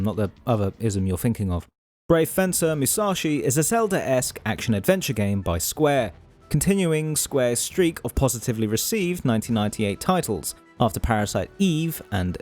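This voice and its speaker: A man's voice: on the high side, a little mellow. A man from Europe hosting a scripted video essay, narrating with wry, self-deprecating asides.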